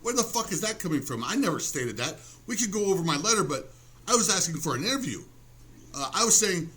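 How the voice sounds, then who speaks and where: A man in a rambling vlog rant, his voice sitting a little high and swinging widely in pitch. He swears freely and mocks himself with a sarcastic edge, often restarting his sentences. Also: expressive, fairly quick, pushed and bright, a little hiss or hum. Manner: profane, sarcastic and self-mocking, with many restarts. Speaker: vlogger. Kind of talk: rambling casual rant to camera.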